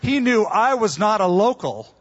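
Pastor preaching in a lively storytelling voice. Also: male voice, moderate pace, husky. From California. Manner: storytelling, lively swings in pitch and loudness. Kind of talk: sermon. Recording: dull lo-fi sermon recording.

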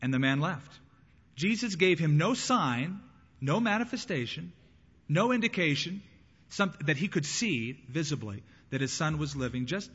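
A man delivers a sermon with husky warmth, his voice a touch higher than most men's. He drops to quiet asides, then rises into loud, emphatic bursts. The sound is dull and lo-fi, with a long church reverb trailing his words. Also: big pitch swings, moderate pace. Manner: preaching with rising bursts and acted quotes. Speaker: pastor.

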